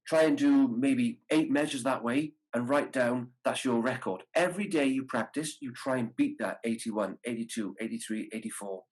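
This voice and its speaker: Brass teacher, male, slightly husky tone; patient, demonstrative masterclass delivery over a video call. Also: medium pitch, moderate pace, few pauses, faint music behind, rough recording. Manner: demonstrates articulation syllables aloud. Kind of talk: masterclass instruction.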